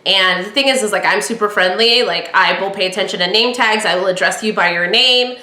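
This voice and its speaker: A woman's voice: medium pitch, fairly quick, sharp tone, reverberant. A woman hosting a podcast, talking casually and with strong opinions, acting out bits of past conversations. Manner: chatty, opinionated, acts out quoted dialogue. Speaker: podcast host. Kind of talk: casual solo podcast talk.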